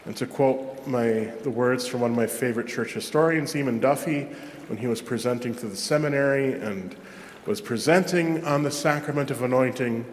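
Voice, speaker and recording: A man's voice: mid-range voice, moderate pace, slight background noise. A man gives a casual, self-deprecating homily as a parish priest. His mid-range voice rings through a large church with long reverb. Faint room ambience sits underneath. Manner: conversational, self-deprecating preaching with quoted asides. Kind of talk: sermon.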